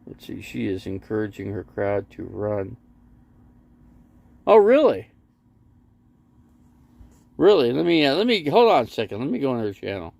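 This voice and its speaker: A man's voice: mid-range voice, big pitch swings, moderate pace, gravelly, pauses often, darkish tone, no echo. A man hosting a casual live stream from his RV, rambling between stories and reading viewer comments aloud. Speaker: livestream host. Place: inside an RV parked in a lot.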